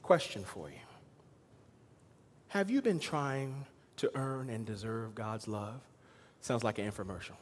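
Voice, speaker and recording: A man preaching a sermon as pastor, swinging between loud emphatic lines and quiet, hushed asides. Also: medium pitch, animated, slow pace, pauses often, in a large hall, a little hiss or hum. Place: church sanctuary.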